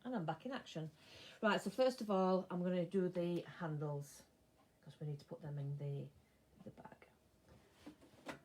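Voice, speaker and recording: An older woman chatting casually as she sews, talking to herself and dropping into soft mutters. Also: on the low side, unhurried. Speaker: sewing vlogger. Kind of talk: casual chat while sewing. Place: home sewing room. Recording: clear sewing machine noise behind.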